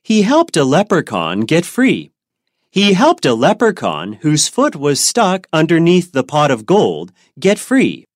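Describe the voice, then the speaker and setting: A woman reading an English learners' storybook aloud slowly and clearly, then answering its comprehension questions. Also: low voice, wildly swooping pitch, dry recording, studio quality. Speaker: reader of a graded English reader.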